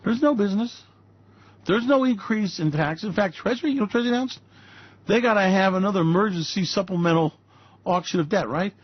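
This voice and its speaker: A man's voice: sits high, brisk, husky, dull audio. A man hosting financial commentary, ranting with sarcastic, mocking and profane remarks about economic policy.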